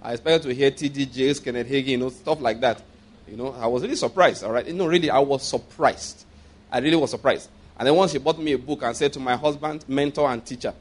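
A man preaches to a congregation, telling a personal story in a brisk, medium-pitched voice that is a little mellow and husky. He often repeats phrases, laughs mid-sentence, and poses rhetorical questions to his listeners.

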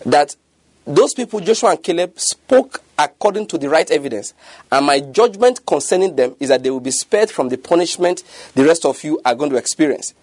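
Husky preacher, emphatic. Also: male voice, fairly high pitch, lively intonation, a little fast, darkish tone, no room sound. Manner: emphatic, keeps asking if listeners follow. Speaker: pastor. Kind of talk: sermon.

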